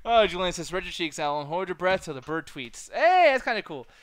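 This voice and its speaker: Man, bright voice, lively swinging pitch, casual banter, laughs a lot. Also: a little fast, clean tone. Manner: laughs often, swears, teasing. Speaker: co-host reading chat.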